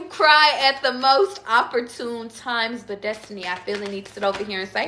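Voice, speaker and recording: A woman's voice: fairly high pitch, fairly even intonation, moderate pace, hardly any pauses, sharp tone. Woman, tarot reader, casual live chat, emphatic, swears freely, echoey room, faint hiss. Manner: chatty, emphatic, swearing freely, addresses viewers by name.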